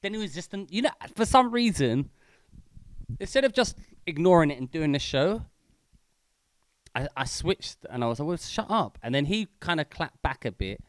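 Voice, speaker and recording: A male comedian chatting casually, halting and restarting often, swearing as he tells stories. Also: on the high side, very animated, no room sound. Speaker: stand-up comedian. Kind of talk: casual chat.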